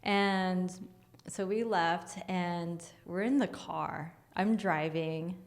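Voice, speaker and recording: A woman's voice: lowish voice, fairly even intonation, drawn-out words. A woman guest, an energy healer, telling a story casually, acting out scenes and laughing often.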